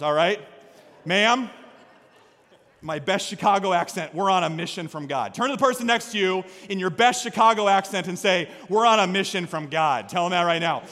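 Man, pastor, sermon, high voice, energetic, long church-hall reverb. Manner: energetic, swings from quiet to loud exhortation. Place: church sanctuary.

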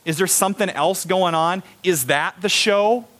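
Man, middle-aged, pastor, sermon, animated, high-pitched voice. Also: a little slow. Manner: animated, acts out voices of kids and students.

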